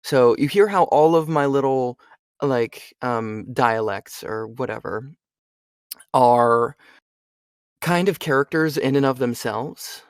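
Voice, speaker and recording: A man's voice: medium pitch, slow, smooth, no echo. Chatty young man, dry sound. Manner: animated, chatty, frequent fillers. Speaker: voice actor guest. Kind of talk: casual interview chat.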